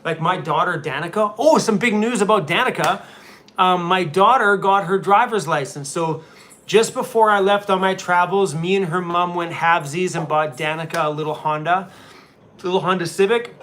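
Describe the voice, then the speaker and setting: A middle-aged man from Canada chats on a relaxed live stream, rambling from one thought to the next in a hotel room. His voice sits a little high for a man. A faint hiss of room noise runs underneath. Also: normal speed. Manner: relaxed, rambling, talks baby-talk to his dog. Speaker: van-life vlogger doing a live stream. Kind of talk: casual live-stream chat.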